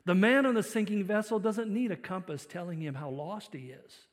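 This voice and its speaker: Male pastor, somewhat high voice, dynamic sermon delivery with loud-soft swings, long hall reverb. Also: moderate pace. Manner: dynamic preaching, swinging between loud emphasis and quiet reflection.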